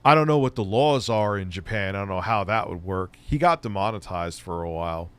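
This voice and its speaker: Casting: male streamer, lowish pitch, blunt sarcastic ranting, swears freely, a little stoned. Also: lively intonation, brisk, smooth. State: stoned, voice lower than usual. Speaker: streamer and tech commentator. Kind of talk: casual profane live-stream chat.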